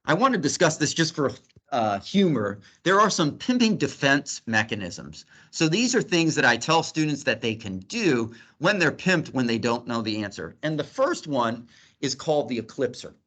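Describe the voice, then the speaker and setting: A man's voice: mid-range voice, normal speed. Middle-aged man lecturing with humor. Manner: lively, joking teaching tone. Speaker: physician lecturer. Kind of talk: grand rounds lecture.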